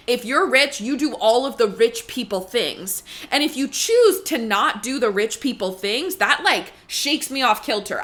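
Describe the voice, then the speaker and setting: A woman's voice: a little high, bright, forceful tone. A young adult woman hosting a podcast, talking casually and emphatically about money, filling her speech with "like" and "right?" and swearing freely. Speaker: podcast host and money coach.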